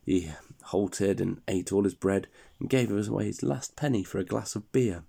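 A man reading a fairy tale aloud to a child in a relaxed, chatty way, stopping to explain and laugh. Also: on the low side, normal speed, creaky, breathy edge.

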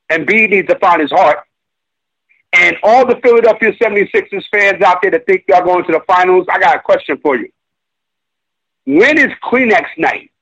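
Husky-voiced man riffing on basketball. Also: sits high, highs cut off. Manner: animated, mocking, emphatic, colloquial. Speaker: sports commentator. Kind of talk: opinionated basketball talk.

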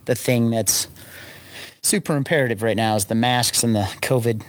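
A man co-hosting a casual political talk show, measured and hesitant, with frequent restarts. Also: mid-range voice, no room sound. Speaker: podcast co-host.

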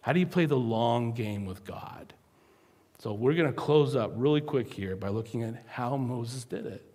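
A man preaching a sermon as a pastor, animated and acting out the voices of the people he describes. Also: mid-range voice, moderate pace, in a large hall. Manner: animated, acts out quoted voices.

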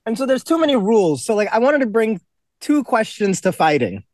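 A man's voice: sits high, sing-song, a little fast, no room sound. A young man and substitute teacher telling blunt, profane stories on a casual podcast, acting out what the kids said. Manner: blunt, profane storytelling, acts out kids' lines.

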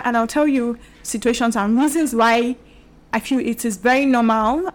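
A young woman with a slightly high voice hosts her own podcast and video show, talking casually and solo to the camera. She's chatty and repetitive, using fillers and laughing now and then.

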